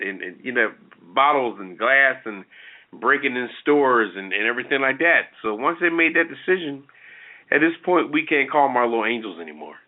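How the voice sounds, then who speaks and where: A man speaks his mind as a talk show co-host, blunt and animated, often restarting his sentences. His voice sits at an ordinary pitch. The audio is thin and tinny, like a phone line. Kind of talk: opinionated casual commentary.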